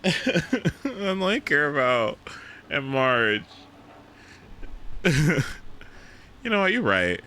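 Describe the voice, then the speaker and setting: Male streamer, bright and unhurried, giggly, over-the-top reactions in casual chat. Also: a little hiss or hum. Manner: giggly, breaks into high squealing laughter; animated, exaggerated reactions. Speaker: livestream host.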